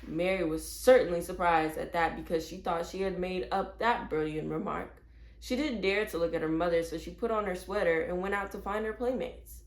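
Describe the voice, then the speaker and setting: A woman reading a children's chapter book aloud as a storyteller, clear and steady. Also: on the low side, moderate pace. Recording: roomy echo.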